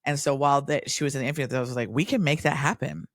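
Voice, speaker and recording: A woman's voice: rumbling low, racing, no room sound, clean studio sound. A woman co-hosting a casual podcast chat, telling stories and acting out what people said. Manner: animated storyteller who acts out quotes. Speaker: podcast co-host.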